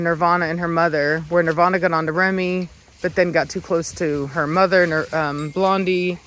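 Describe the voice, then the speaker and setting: Chatty woman shouting at dogs outdoors. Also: lowish voice, a little hiss or hum. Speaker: dog breeder and vlogger. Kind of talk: casual vlog narration. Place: outdoors in a rural yard with dogs.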